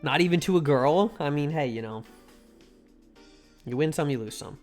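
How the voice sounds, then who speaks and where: A man's voice: fairly high pitch, lively intonation, normal speed. A man streaming a game, chatting casually and irreverently with his chat. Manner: irreverent, joking, stops to thank chat. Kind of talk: casual live-stream commentary while reading a game aloud. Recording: faint music behind the voice.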